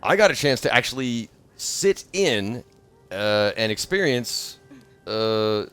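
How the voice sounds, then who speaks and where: A man in his thirties chatting casually on a livestream, rambling from thought to thought and bursting into excited shouts. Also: medium pitch, slow pace, smooth, faint music behind. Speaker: streamer.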